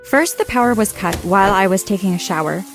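A woman's voice: mid-range voice, a little fast, soft background music. Woman telling a wry story. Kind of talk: scripted first-person story narration.

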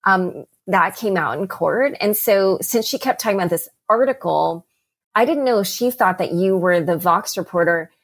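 A woman's voice: mid-range voice, moderate pace. A woman interviewing a guest, conversational and hesitant with fillers. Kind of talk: casual interview chat.

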